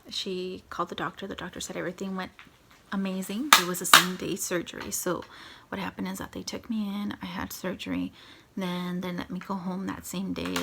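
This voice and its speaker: Gravelly-voiced woman telling a personal story. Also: on the low side, background noise. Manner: slips into a soft whisper while recounting. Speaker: vlogger.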